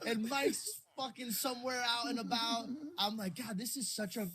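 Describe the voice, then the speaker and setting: Lively young storyteller on a podcast. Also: medium pitch, normal speed, breathy edge. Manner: lively storytelling, acts out others' lines. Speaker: podcast co-host. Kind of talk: casual chat.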